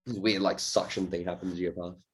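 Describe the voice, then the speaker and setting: Low-voiced rambling male podcast host. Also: little pitch movement, fast talker, a little hiss or hum. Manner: rambling, loose, swears freely. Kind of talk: casual podcast chat.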